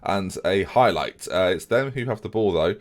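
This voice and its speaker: A young man commentating his own video game match, fretting one moment and shouting the next. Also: deep voice, moderate pace. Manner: excitable, swings from fretting to shouting.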